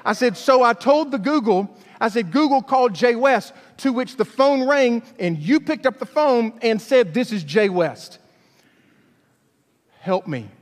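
A man's voice: very high-pitched, animated, normal speed, few pauses, in a large hall. A man from Alabama, a youth pastor telling a chatty story in a sermon, with stumbling restarts.

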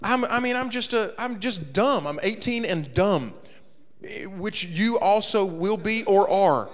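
A man telling a comedic story to a young audience, acting out his friends' voices and shouting the punchlines. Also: high-pitched, lively intonation, a little slow, in a large hall.

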